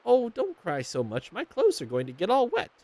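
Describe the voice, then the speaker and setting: A man's voice: sits high, huge pitch swings, moderate pace, darkish tone, no room sound, pitched above the performer's own voice, exaggerated voice. A man reading a game's dialogue aloud, voicing a cheerful, goofy clown skeleton in a raised voice.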